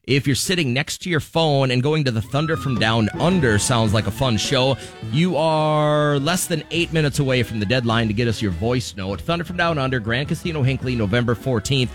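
A man hosting a radio show, chatting and reading contest promos in a quick, upbeat way. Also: mid-range voice, animated, faint music behind. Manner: quick, promo-style delivery. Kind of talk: upbeat morning radio banter.

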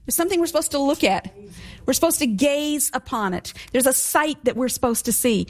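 Woman giving slow, emphatic Bible teaching. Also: a little high, lively intonation. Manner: slow, emphatic scripture reading.

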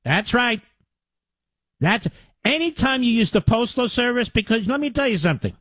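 A man's voice: extremely high pitch, big pitch swings, moderate pace, fairly bright tone, dry recording. A man hosting a talk radio show, delivering a combative, sarcastic monologue into a studio mic.

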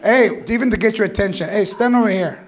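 A man's voice: high-pitched, fast, close to an everyday voice. A man voicing a tough older grandmother who scolds her grandchild, threatening and mixing into English, in stand-up comedy. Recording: loud live club with laughing crowd.

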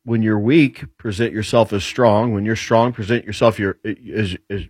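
A man's voice: on the low side, steady tone, normal speed, darkish tone, breathy edge, dry recording. A man appearing as a guest commentator, explaining military and economic points in casual talk and building them with rhetorical questions.

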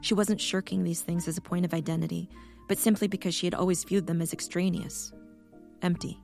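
A woman narrating a short story in a calm, measured, deadpan way. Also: fairly low pitch, vocal fry, soft background music. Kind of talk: audiobook story reading.

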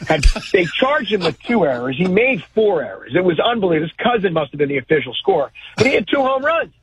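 A man giving blunt, animated opinions in a sports talk conversation. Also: high-pitched, quick pace. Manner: blunt, animated, mocking impressions. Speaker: guest commentator. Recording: tinny phone line.

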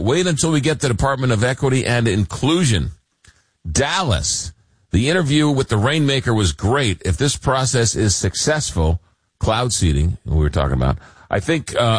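A man's voice: lowish voice, no room sound. A middle-aged man hosting a call-in radio talk show, reading listener messages aloud and hesitating with many fillers.

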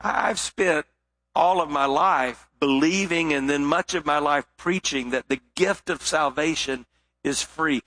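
A man preaching a sermon, telling a parable expressively and dropping to quiet emphasis for key points. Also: fairly high pitch, unhurried. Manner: expressive storytelling delivery with sudden drops to quiet emphasis. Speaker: pastor.

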